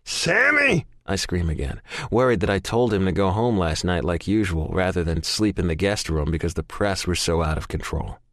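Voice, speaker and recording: A low-voiced man narrates a first-person audiobook at a brisk pace, recorded cleanly in a studio with no room sound. His reading is intense and emotional, peppered with frequent swearing.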